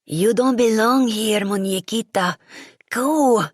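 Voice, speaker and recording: A woman's voice: on the high side, slow pace, no echo, clean studio sound. A woman doing a fierce boy with a Spanish accent. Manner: curt, urgent commands. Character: young boy with a foreign accent, fierce and protective.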